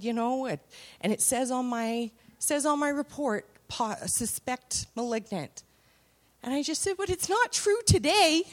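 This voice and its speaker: A woman preaching a sermon in a conversational way, mixing scripture with family anecdotes and rising to emphatic peaks. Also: on the high side.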